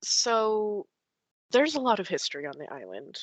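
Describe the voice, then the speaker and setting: A woman's voice: mid-range voice, big pitch swings, normal speed, no echo. A woman guest telling a personal story in a casual, rambling way, full of likes and ums. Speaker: podcast guest.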